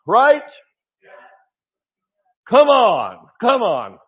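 A man preaching a sermon with exuberant energy, swinging from shouts to quiet asides. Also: extremely high pitch, wildly swooping pitch, slow pace, long pauses, slightly rough, highs cut off.

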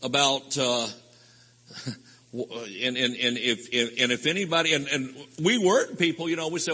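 A man preaching a rambling, folksy sermon with sudden loud outbursts at a live convention. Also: mid-range voice, moderate pace, husky. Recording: live hall recording with long reverb.

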